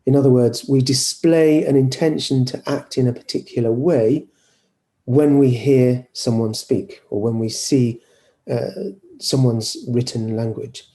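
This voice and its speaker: A man lecturing a class in a relaxed, mellow tone. He lays out his points step by step and often pauses to check that the listeners follow. His voice sits at an ordinary middle pitch. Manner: explains step by step, checks in with "okay?" and "right?". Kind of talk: university lecture.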